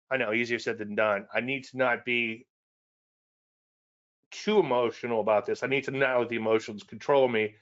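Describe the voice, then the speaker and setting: A man's voice: mid-range voice, fairly even intonation, normal speed, a bit bright, lo-fi sound. A man with a Cajun Louisiana accent giving a casual trading presentation, repetitive and folksy with self-deprecating asides.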